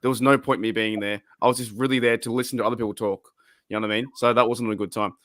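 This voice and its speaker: A man's voice: lowish voice, fairly even intonation, very fast, a bit bright, no echo. Australian male host, loose and chatty, stumbles into his points, dry close mic. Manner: loose, rambling, frequent restarts. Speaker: podcast host. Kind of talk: casual chat.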